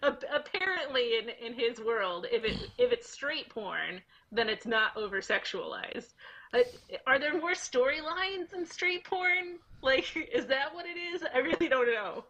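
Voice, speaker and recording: A woman chatting on a podcast with dry sarcasm and easy laughs. Her voice is bright and forward. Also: sits high, expressive, muffled recording. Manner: wry, sarcastic, quick to laugh. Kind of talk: casual podcast chat.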